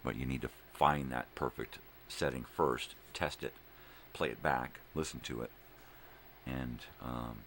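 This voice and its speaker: An older man talks in a rambling, joking way full of laid-back slang, thinking aloud as he goes. His voice sits extremely low, with a gravelly rasp and a bright, tense edge. A faint hiss of noise runs underneath. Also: fairly even intonation, unhurried. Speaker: daily show host. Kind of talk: rambling casual monologue.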